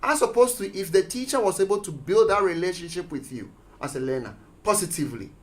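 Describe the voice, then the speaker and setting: Teacher guest, radio studio, mid-high voice, animated storytelling. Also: male voice, fast talker. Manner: animated storyteller, acts out quotes. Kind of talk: radio discussion.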